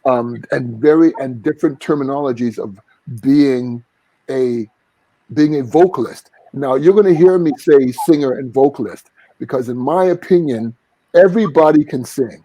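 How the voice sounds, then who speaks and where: Earnest man with a mellow voice. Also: mid-range voice, normal speed, dry recording, poor audio. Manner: earnest, reflective, sings short vocal examples. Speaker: singer and vocal coach, guest. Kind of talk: casual interview talk.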